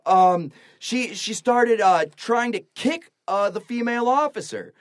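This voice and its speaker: A man hosting a casual podcast chat, telling stories in an animated, incredulous way. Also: sits high, a little slow, dry recording. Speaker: podcast host.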